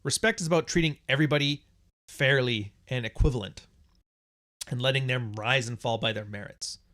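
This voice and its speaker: A man's voice: medium pitch, normal speed, a bit bright. A man hosting a podcast, talking casually and bluntly with plenty of swearing, acting out quoted voices and laughing at his own jokes. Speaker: podcast host. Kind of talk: casual monologue.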